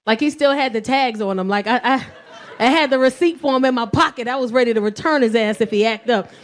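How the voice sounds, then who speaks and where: A woman's voice: fairly high pitch, fast talker. A woman in her forties telling stand-up stories in a brash, crude way, often laughing at her own jokes. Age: 40s. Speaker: stand-up comedian. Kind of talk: stand-up comedy storytelling.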